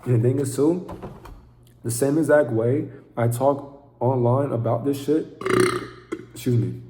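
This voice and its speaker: A man's voice: mid-range voice, fairly even intonation, unhurried, warm tone, roomy sound, slight background noise. A man giving an intense, profane, preaching monologue to camera as a vlogger.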